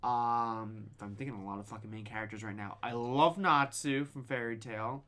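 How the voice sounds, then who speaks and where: Bright-voiced man chatting casually. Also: mid-range voice, fairly even intonation, moderate pace. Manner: rambling, profane, enthusiastic. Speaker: podcast co-host. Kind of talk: casual chat.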